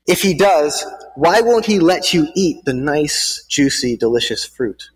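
A cunning male serpent whispers and coaxes in a slow, drawn-out storybook reading, put on by a man reading aloud. The voice sits a little high. A long reverb trails each phrase as in a big hall. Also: lively intonation, slightly rough. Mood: coaxing.

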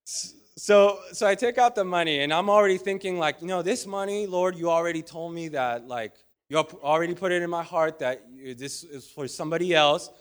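A man's voice: fairly high pitch, a little fast, hardly any pauses. A man preaching in a conversational, storytelling way, full of restarts and asides. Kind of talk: storytelling sermon.

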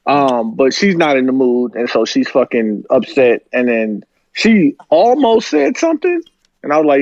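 A man's voice: mid-range voice, very animated, normal speed, a little mellow, no room sound, dull audio. A man co-hosting a podcast, telling a story in a loose, laid-back way full of slang. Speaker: podcast co-host. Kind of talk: casual podcast chat, storytelling.

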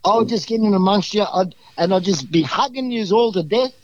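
A man's voice: high-pitched, animated, normal speed, highs cut off. An Australian man talking as a podcast guest, telling rambling, exuberant stories full of restarts. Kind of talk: casual storytelling.

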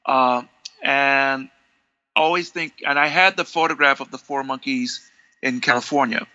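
A man, an interview guest telling animated stories and acting out the dialogue. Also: medium pitch, unhurried, no room sound, muffled recording. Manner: animated, acts out quoted dialogue, many restarts. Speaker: interview guest, longtime fan. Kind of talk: conversational storytelling.

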